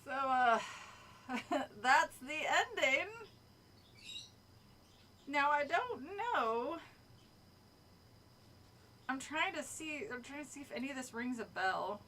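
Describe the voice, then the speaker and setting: A woman's voice: high-pitched, expressive, takes it slowly, pauses often, pushed and bright, a little hiss or hum. A woman streamer reading a book aloud and chatting casually with her viewers, laughing often and swearing freely. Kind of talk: casual read-along with chat.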